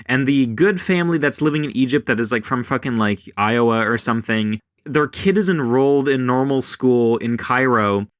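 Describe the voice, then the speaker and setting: A man's voice: mid-range voice, no echo, studio quality. A man hosting a podcast, casually recapping a horror film in a loose, profane, rambling way and briefly acting out the characters. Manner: rambling, acts out characters in quick bits. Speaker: podcast host.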